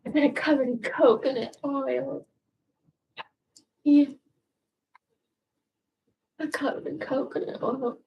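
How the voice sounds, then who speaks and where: A woman in her sixties chats at an unhurried pace, goofy and self-mocking, with plenty of swearing. Her voice sits a little high, and she slips into whispers and back out again as she goes. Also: fairly even intonation, creaky, lo-fi sound, slight background noise. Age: 60s. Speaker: vlogger. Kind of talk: rambling casual chat. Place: home room.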